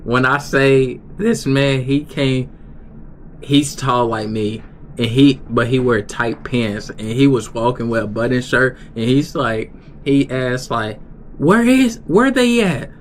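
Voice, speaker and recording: A man's voice: mid-range voice, fairly even intonation, slow pace, a little hiss or hum. Rambling male streamer telling a story. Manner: rambling, many restarts and fillers. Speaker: livestreamer. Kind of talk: casual storytelling.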